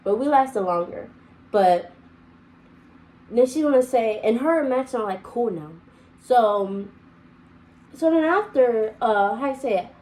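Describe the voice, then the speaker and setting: A young woman tells a personal story to her viewers in a loose, rambling way. She often circles back and restarts sentences. Her voice sits a little high. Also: lively intonation, measured pace, pauses often, warm tone, low-quality recording. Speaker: vlogger. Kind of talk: casual storytime.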